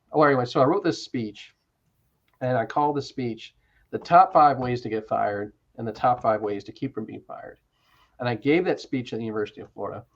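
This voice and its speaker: A man telling stories in a casual interview, animated, with quick restarts and asides. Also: mid-range voice, muffled recording. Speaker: interview guest, author.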